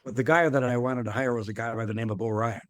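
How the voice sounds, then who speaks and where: A man's voice: medium pitch, steady tone, fast, no echo, studio quality. Older man telling a long story. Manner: rambling, repeats words, fills with uh. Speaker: guest, former athletic director. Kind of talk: conversational storytelling.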